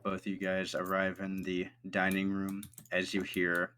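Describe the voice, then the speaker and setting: Deep-voiced man running a tabletop game. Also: monotone, pushed and bright, clear, resonant tone. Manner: casual, halting, voices characters in brief quotes. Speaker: game master.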